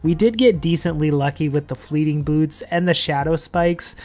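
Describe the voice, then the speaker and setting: A man's voice: a little high, normal speed, a little mellow. A man hosting a gaming vlog in a loose, chatty way, full of fillers, speaking into a desk microphone. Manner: chatty, loose, heavy on "like" and "you know". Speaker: gaming channel host. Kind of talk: casual game commentary vlog.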